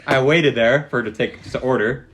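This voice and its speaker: A man's voice: mid-range voice, fairly quick. A young man hosting a podcast, retelling a story in casual chat with rambling restarts. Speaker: podcast host.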